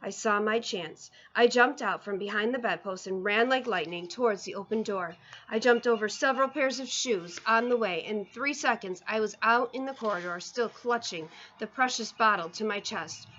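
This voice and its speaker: A woman reading a children's book aloud, expressive, with small slips and restarts. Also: mid-range voice, moderate pace, lo-fi sound. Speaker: reader. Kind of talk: storybook read-aloud.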